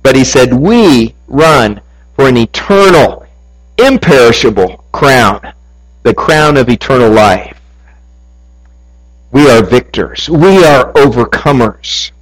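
A man's voice: mid-range voice, expressive, slow pace, poor audio. A man preaching a sermon to his congregation, earnest and building to emphatic peaks. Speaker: pastor.

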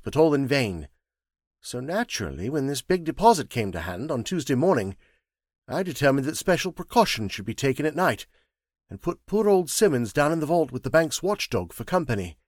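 A man's voice: medium pitch, no echo, clean studio sound, close to an everyday voice. A man voicing an anxious middle-aged male bank manager in an audiobook, speaking earnestly and with agitation. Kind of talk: audiobook character reading.

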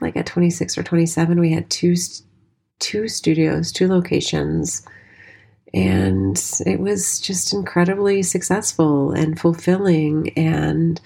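A woman's voice: lowish voice, gravelly, warm tone, husky. A woman in her forties, a dance teacher and studio owner, candidly telling her life story and swearing freely. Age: 40s. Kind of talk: personal storytelling monologue.

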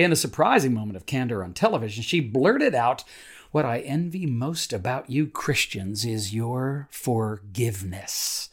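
A man, a pastor giving a daily devotional, reading scripture and reflecting earnestly with soft asides. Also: medium pitch, husky. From Nashville, Tennessee.

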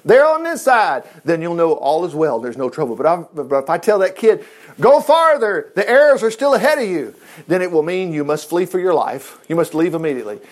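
A man's voice: fairly high pitch, expressive, fast talker, few pauses, darkish tone, lightly acted. A man reading the lines of an anxious young man on the run, earnest and urgent in a lightly acted voice.

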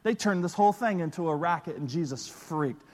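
A man preaching a sermon as pastor, telling stories in an animated, lively way. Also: a little high, brisk. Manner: storytelling, animated, excitable bursts. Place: church auditorium. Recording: long reverb of a large hall.

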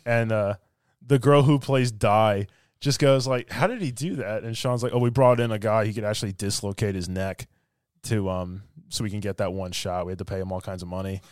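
A man on a podcast excitedly retelling scenes from a film, laughing often as he talks. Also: fairly low pitch, brisk, clean tone, no echo, studio quality. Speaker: podcast co-host. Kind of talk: casual film review chat.

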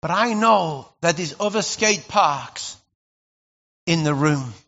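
A male pastor delivers a sermon in a high, ringing voice. He talks to the congregation casually, then bursts out loudly for emphasis. The recording sounds a little muffled. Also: slow, creaky. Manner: animated, conversational preaching with sudden loud bursts.

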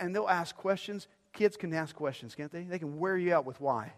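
A middle-aged pastor delivering a sermon, swinging between quiet, intimate phrases and loud, emphatic ones, often repeating words as he builds a point. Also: fairly high pitch, normal speed. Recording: long reverb of a large hall.

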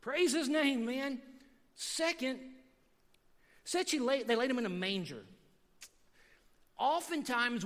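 High-voiced animated man preaching in a hall. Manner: animated storytelling, conversational, says "man" often. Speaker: pastor. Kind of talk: sermon. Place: church sanctuary. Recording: church hall reverb.

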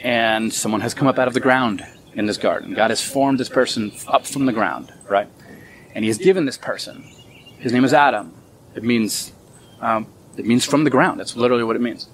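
Relaxed man preaching outdoors in a garden. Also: medium pitch, a little fast. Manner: relaxed, conversational, thinking aloud. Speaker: pastor. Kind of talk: casual outdoor sermon. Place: outdoors in a small home garden.

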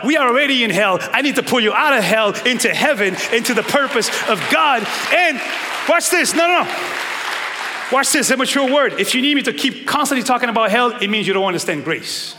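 A male pastor preaching a sermon with emphatic swings from shouting to low, quiet stretches. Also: a little hiss or hum. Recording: long reverb of a large hall.

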